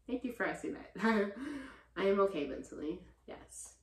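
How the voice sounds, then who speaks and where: A woman in her twenties runs a relaxed Q&A vlog, chatting straight to her viewers and calling them y'all. When something annoys her she gets loud and animated. Her voice sits at a middle pitch and carries a roomy echo. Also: moderate pace. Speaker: vlogger answering viewer questions. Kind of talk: casual Q&A vlog chat.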